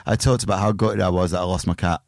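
Man, podcast co-host, low voice, gravelly, sweary storyteller. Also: steady tone, fast talker, no room sound, studio quality. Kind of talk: casual comedy podcast chat.

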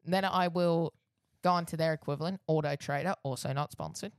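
A man's voice: fairly high pitch, fairly even intonation, a little fast, no echo, studio quality. An Australian man co-hosting a podcast in casual chat, rambling and correcting himself as he goes. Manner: rambling, self-correcting, laughs easily. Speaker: podcast co-host.

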